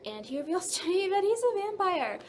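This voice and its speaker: A young woman with a fairly high voice tells a long dream story straight to her camera. She rambles loosely, leaning on fillers as the tale tumbles out. A faint hiss of noise sits under her voice. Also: fairly quick. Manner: rambling, filler-heavy, animated retelling of a dream. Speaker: vlogger. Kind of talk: casual storytelling.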